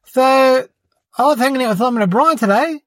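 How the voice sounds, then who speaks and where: A high, lightly acted voice carries this comedic monologue, in which an adult plays a boastful, cheeky young boy hosting a podcast. He rambles, fibs and often says "mate," talking a little fast in a dry recording.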